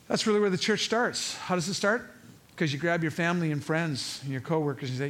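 A man preaching a sermon, animated, acting out quotes and asking the listeners rhetorical questions. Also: a little high, fast talker. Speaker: pastor.

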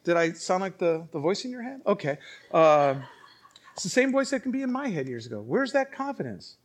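Emphatic higher-voiced male preacher. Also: big pitch swings, a little fast. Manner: emphatic, swinging from quiet to loud. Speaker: pastor. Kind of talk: sermon.

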